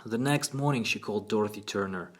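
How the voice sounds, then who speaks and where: A man narrating a book aloud in a steady, even storytelling manner. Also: on the low side, quick pace. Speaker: audiobook narrator. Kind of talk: audiobook narration.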